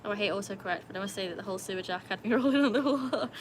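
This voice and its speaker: A young woman hosting a casual live stream by a pool at night. She chats, laughs often and calls to her dogs in a high sing-song voice. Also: fast, slight background noise. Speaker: livestream host. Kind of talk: casual live-stream chat reading comments.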